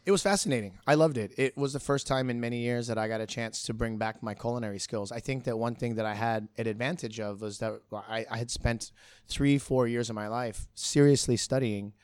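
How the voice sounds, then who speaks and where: A middle-aged man, a bartender, telling his story in a relaxed, rambling way with frequent restarts. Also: medium pitch, brisk, clear, resonant tone, no echo. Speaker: bartender guest. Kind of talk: casual storytelling in an interview.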